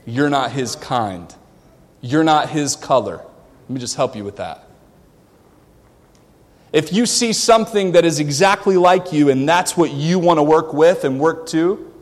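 A man from the American South with a Southern accent, preaching a sermon as pastor, swinging between loud exhortation and quiet asides. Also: fairly high pitch, animated, measured pace, pauses often, long reverb tail.

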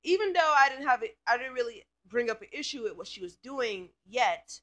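Woman vlogger, casual storytime rant; bright, sharp tone, loose and profane delivery. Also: fairly high pitch, animated, fairly quick. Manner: rambling, filler-heavy, swears freely.

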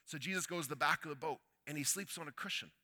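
A man preaching a sermon, telling a story that swings between loud urgency and hushed quiet. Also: fairly high pitch, fast talker.

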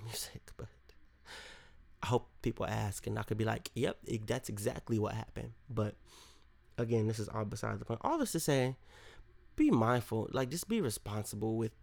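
A man's voice: on the low side, gravelly, a little mellow. A young adult man hosting his own podcast, talking candidly and rambling with lots of restarts and fillers. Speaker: podcast host and musician. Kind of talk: casual solo podcast monologue.

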